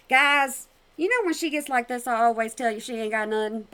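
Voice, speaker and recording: A woman giving sassy, mocking commentary on a clip, with a twang and sudden loud outbursts. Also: a little high, brisk, hardly any pauses, clear, resonant tone. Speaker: commentary vlogger reacting to a clip. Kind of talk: casual commentary.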